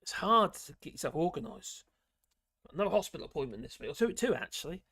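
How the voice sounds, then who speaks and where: A chatty man hosting a live stream, rambling from one thought to the next as he works through viewer messages. His voice sits a little on the high side and is wearing thin as he loses it, and the sound is close and dry with no room echo. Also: very animated, quick pace, creaky, pushed and bright, breathy edge. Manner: rambling, chatty, reads chat messages aloud. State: losing his voice. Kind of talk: casual live-stream chat.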